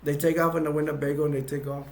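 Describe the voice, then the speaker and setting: A man's voice: a little high, level tone, racing, gravelly, darkish tone. A man with a slightly raised voice walks through a film's plot scene by scene. He rambles, restarting sentences and filling gaps with ums as he goes. It sounds like an informal retelling. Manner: rambling, many restarts and fillers. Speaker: movie reviewer.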